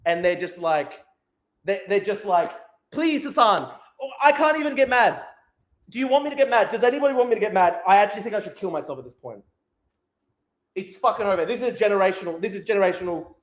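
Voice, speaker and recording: A man's voice: high-pitched, expressive, fast talker. A man in his twenties with an Australian accent, ranting profanely and mock-despairingly as a show host from a small studio. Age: 20s. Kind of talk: comedic rant.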